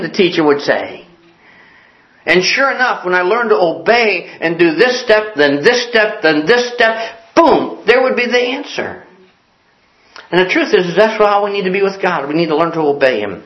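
Male preacher, slightly high voice, earnest and repetitive, echoey dull recording. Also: animated, moderate pace. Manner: repeats key lines for emphasis; earnest, storytelling delivery. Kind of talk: sermon.

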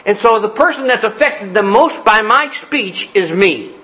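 A man's voice: high-pitched, expressive, moderate pace, muffled recording. A man preaching a sermon in a folksy, joking way, repeating his key phrases. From Cleveland, Ohio. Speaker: pastor.

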